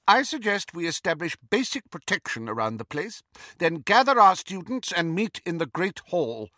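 A man's voice: high voice, big pitch swings, normal speed, bright, forceful tone, no room sound, clean studio sound, pitched above the performer's own voice, exaggerated voice. A man playing a stern older witch in command. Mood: firm. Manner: clipped, authoritative.

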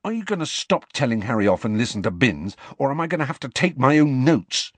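A man voicing a teenage schoolboy who speaks in a low, indignant voice. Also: very animated, fairly quick, dry recording.

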